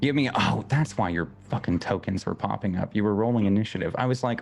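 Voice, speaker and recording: A man's voice: on the low side, quick pace, vocal fry. A man narrating as game master, laid-back and laughing, humming little sound effects between lines. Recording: music playing behind.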